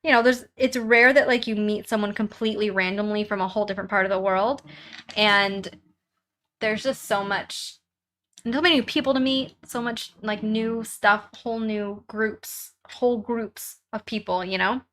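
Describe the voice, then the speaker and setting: A woman's voice: medium pitch, normal speed, a bit bright, a little hiss or hum. A young woman hosting a casual live stream from home while crafting, chatting with viewers and reading their comments aloud in a bubbly way, laughing often.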